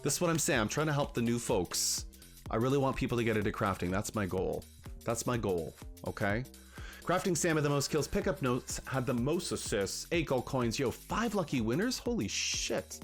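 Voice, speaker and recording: A man hosting a casual livestream, chatting with his viewers. His talk is animated, jumping between greetings and rants. Faint music plays underneath. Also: mid-range voice, a little fast. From Canada. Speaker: livestream host.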